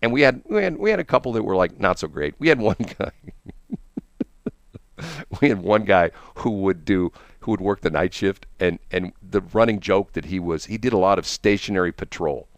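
A man hosts a casual chat, telling stories in a rambling way. He laughs often and restarts his sentences. His voice sits fairly low and sounds dry and close. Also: lively intonation, normal speed, no echo. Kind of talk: casual storytelling.

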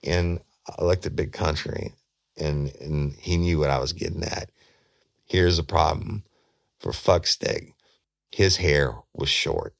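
A middle-aged former police investigator, telling a story in a blunt, profane way. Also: male voice, a bass voice, slow pace, gravelly, pauses often. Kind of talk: casual storytelling.

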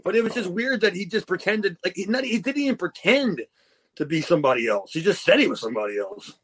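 A man's voice: high voice, sing-song, fast talker, a bit bright, breathy edge. A man co-hosting a casual chat show, telling stories, laughing and cursing freely. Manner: storytelling, swears freely, laughs often. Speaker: podcast co-host.

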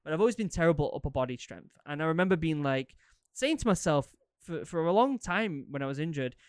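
A man's voice: a little high, quick pace, smooth, dry recording, clean studio sound. Chatty man telling war stories. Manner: rambling, animated, lots of fillers and repeats. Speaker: podcast host. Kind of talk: casual storytelling, answering listener questions.

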